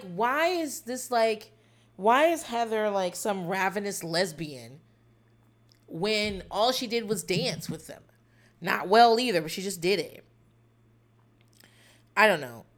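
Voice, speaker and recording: A woman hosting a podcast who recaps a reality dating show in a rambling, wry, profane casual chat. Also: medium pitch.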